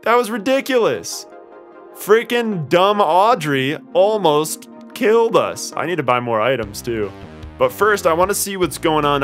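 Bright exasperated let's play guy. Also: fairly high pitch. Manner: exasperated and rambling, talks to the game characters. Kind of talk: video game commentary.

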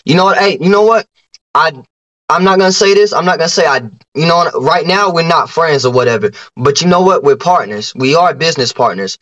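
In a muffled recording, a man with a fairly high, fairly bright voice speaks briskly over a video call. He's a YouTuber taking on a streamer, bragging in rhymes and trash-talking, though he keeps stumbling and starting his lines over.

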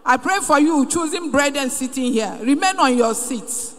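Fervent high-voiced woman testifying. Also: animated, moderate pace. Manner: fervent, rising to shouts. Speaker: church member giving testimony. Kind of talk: emotional church testimony. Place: large church hall. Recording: echoey hall.

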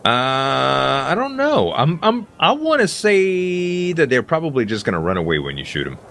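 A man's voice: mid-range voice, wildly swooping pitch, moderate pace, gravelly, fairly bright tone, a little hiss or hum. A man with a Cajun accent from Louisiana, chatting easily as a gaming partner. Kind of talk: casual co-op gameplay chat.

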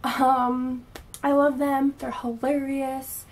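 A bubbly young woman in her twenties talks casually to her camera, a bit out of breath. Her voice sits high, with a husky, gravelly edge. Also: level tone, takes it slowly. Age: 20s. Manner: bubbly and gushing. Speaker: vlogger.

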